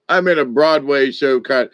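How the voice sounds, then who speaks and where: An older man and former stage director telling rambling, animated stories in a casual monologue, often trailing off and restarting. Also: medium pitch, measured pace, clean tone, no echo. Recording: dull, dry lo-fi audio.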